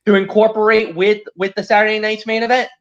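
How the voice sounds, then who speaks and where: A man hosting a casual wrestling recap chat, easygoing and agreeable, with halting fillers. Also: high-pitched, flat delivery, fairly bright tone, highs cut off. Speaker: podcast host.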